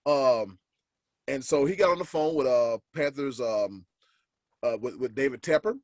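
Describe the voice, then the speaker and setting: A man co-hosting a sports podcast, telling stories in an animated, joking way. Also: mid-range voice, moderate pace, no room sound. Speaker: podcast co-host. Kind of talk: casual sports banter.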